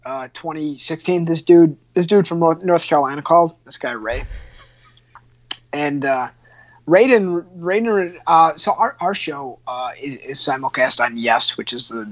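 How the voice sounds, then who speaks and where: A man working as a radio show producer, telling a funny story in a loose, chatty way with lots of restarts and laughs. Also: a little high. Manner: laughs often, many restarts and fillers. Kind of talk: casual storytelling. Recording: muffled lo-fi sound.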